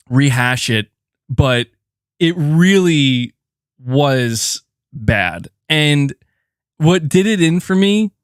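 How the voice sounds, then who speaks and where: A man doing casual live-stream commentary on gaming news, animated and slangy, laughing often and acting out mock exchanges. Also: medium pitch, no echo, clean studio sound.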